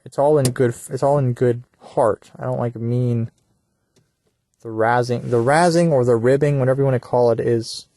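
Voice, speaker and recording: A man's voice: mid-range voice, fairly even intonation, normal speed, dark tone, no echo. A young man talking in a rambling solo monologue, meandering and crude, often trailing off into mumbles. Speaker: podcaster. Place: at work during a shift.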